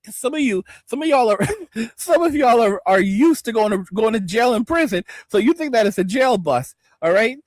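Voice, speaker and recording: Guy with a really high voice ranting on his stream, swearing, stammering, reading chat, dry sound. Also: expressive, normal speed, no room sound. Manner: profane, rambling, stammers, addresses viewers directly. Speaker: host. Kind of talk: livestream rant reading chat comments.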